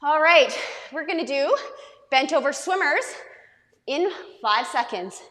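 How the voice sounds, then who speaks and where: A young woman coaching a bodyweight workout with a bright, high voice. She cheers people on and counts reps out loud, her voice ringing with a long reverb around the room. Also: animated, measured pace. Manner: upbeat, encouraging, counting reps aloud. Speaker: fitness coach. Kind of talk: workout instruction.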